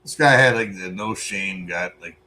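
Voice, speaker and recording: A man, co-host of a podcast, telling a profane, animated story in casual chat. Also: low voice, moderate pace.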